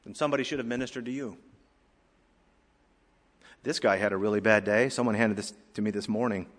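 A male pastor preaching a sermon with emphatic rises and drops in loudness, in a church sanctuary. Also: on the low side, fairly quick. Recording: long hall reverb.

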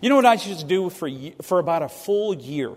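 A middle-aged man preaching and telling funny personal stories to a congregation, lively and self-deprecating, acting out other people's lines. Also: fairly high pitch, brisk. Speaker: pastor. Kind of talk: sermon storytelling. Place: church sanctuary. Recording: long reverb of a church hall.

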